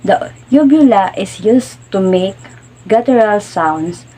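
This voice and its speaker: Mellow-voiced woman reading a lesson. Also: medium pitch, lively intonation, slow, poor audio. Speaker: student teacher. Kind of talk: classroom lecture.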